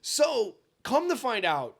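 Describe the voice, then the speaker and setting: A young man in his twenties, co-hosting a podcast and telling a long, profane story in casual, animated chat. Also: very high voice, takes it slowly. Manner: animated, swearing, bursts into loud impressions. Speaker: podcast co-host.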